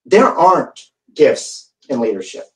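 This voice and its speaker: A man giving a keynote speech as an animated storyteller who acts out the dialogue in his stories. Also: a little high, unhurried. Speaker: keynote speaker. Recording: echoey hall, voice from far off.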